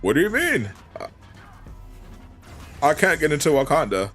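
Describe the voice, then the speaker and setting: A man's voice: on the high side, wildly swooping pitch, a little slow, a bit bright, soft background music, pitched above the performer's own voice, heavily acted. A man voicing a mocking parody of Bane as a hulking, theatrical male villain with pompous delivery.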